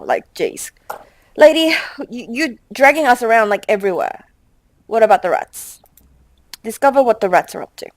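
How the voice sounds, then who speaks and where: A young woman hosting a game let's play, chatting with quick exasperated asides and reading game text aloud. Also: a little high, expressive, no room sound, low-quality recording.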